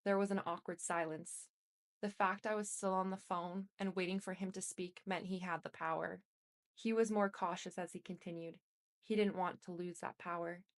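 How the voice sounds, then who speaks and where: A woman reading a memoir aloud in an even, unhurried way, with small restarts. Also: on the low side. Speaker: reader.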